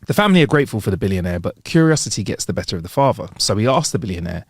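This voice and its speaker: A man reading jokes aloud in a lively storytelling way. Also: lowish voice, racing, hardly any pauses, husky, no room sound, studio quality. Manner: lively storytelling, laughs at punchlines. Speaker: joke reader.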